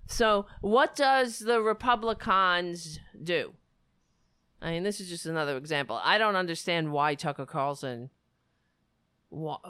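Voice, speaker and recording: A woman vlogger angrily ranting in reaction to a news clip, swearing often and breaking off into halting restarts. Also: lowish voice, bright, forceful tone, clear, resonant tone, no room sound, clean studio sound. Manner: indignant, profane, halting restarts. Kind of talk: angry reaction rant.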